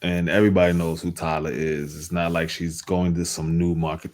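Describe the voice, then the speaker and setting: A man's voice: sits low, flat delivery, fairly quick, hardly any pauses, a little mellow. A man hosting a reaction commentary, talking casually with sarcastic asides. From United States. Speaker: commentary host reacting to clips.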